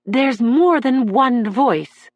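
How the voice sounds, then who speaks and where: A man's voice: very high-pitched, lively intonation, extremely slow, no room sound, dull audio, voice pushed up, full character voice. A woman reading an audiobook voices a troubled young man on trial, testifying in a raw, pleading way about the voices that haunt him. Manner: anguished, raw and pleading, breaking into shouts. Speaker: defendant testifying in court.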